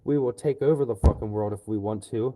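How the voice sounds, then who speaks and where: A man ranting profanely and loudly to his livestream viewers. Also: on the low side, a little fast, heavy background noise. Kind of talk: livestream rant.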